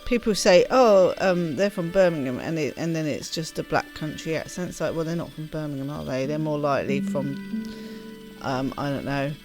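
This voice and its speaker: A woman's voice: sits low, moderate pace, over music. A woman hosting a let's play, chatting casually and giggling as she plays. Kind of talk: casual gaming commentary.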